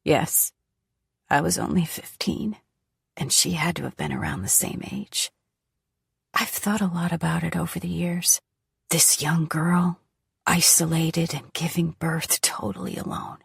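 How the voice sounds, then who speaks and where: A woman reading the part of a frail, sick middle-aged woman who tells her story in a weak, halting, tearful way. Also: deep voice, gravelly, husky, dry recording, clean studio sound, heavily acted. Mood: grieving. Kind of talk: audiobook character voice.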